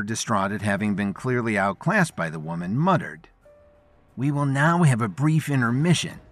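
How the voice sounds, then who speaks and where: A man narrating a story in scripted, expressive storytelling. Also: on the low side.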